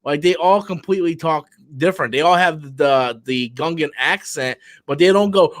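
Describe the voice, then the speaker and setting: A man chatting casually as co-host of a live stream, animated and swearing freely, with quick restarts. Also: on the high side.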